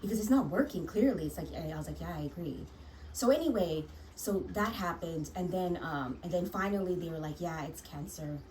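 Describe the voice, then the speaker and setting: A woman's voice: fairly low pitch, brisk, darkish tone, recorded from a distance, a little hiss or hum, rough recording. A woman who works as a nurse, telling a personal story frankly and heatedly, swearing often and restarting her sentences.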